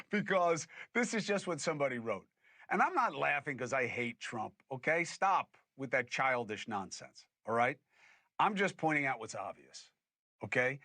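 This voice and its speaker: Emphatic bright-voiced male commentator. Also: on the high side, no room sound. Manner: argumentative, emphatic, explains in plain terms. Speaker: host. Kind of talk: political commentary.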